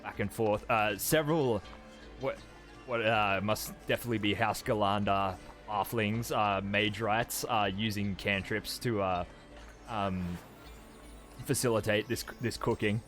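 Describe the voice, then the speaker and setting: A man acting as game master for a tabletop game narrates scenes in a rambling way, full of ums and restarts. His fairly low voice is steady and fairly bright, with a measured pace, and faint music plays behind him.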